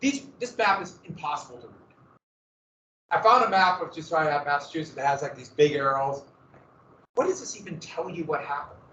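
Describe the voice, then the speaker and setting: Animated and brisk, a man with a high, pushed, bright voice teaches history in a casual style, cracking jokes and stressing points dramatically. He's captured from a distance in an echoey, muffled classroom recording with a little hiss or hum.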